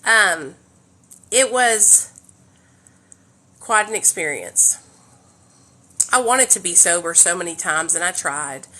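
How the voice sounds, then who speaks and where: A woman's voice: lowish voice, animated, takes it slowly, pauses often, bright, forceful tone. A woman, chatting candidly to livestream viewers from her living room on a phone, swearing freely. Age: 30s. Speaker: livestream host. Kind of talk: casual livestream chat.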